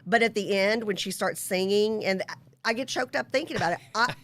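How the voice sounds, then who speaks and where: A woman's voice: mid-range voice, brisk. A woman, hosting a casual talk show and telling stories with lots of laughter. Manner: chatty, laughing often, animated storytelling. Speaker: show host. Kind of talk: casual chat.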